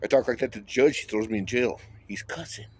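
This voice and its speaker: A man's voice: mid-range voice, quick pace, a little mellow. A man talking in a rambling monologue, drifting between topics and swearing often. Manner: rambling, wandering, with frequent swearing.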